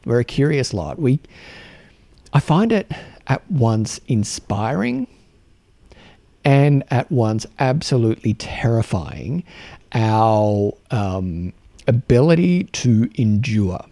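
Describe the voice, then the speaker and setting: A man with an Australian accent hosting a solo podcast, talking earnestly and haltingly with many restarts and repeated words. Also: medium pitch, very animated, warm tone, no echo. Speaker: podcast host.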